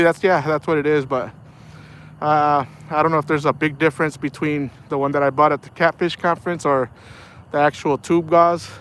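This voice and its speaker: A man with a slightly high, fairly bright voice chats casually on a fishing livestream, outdoors by the water. He rambles in a laid-back way and says "man" a lot while he fishes.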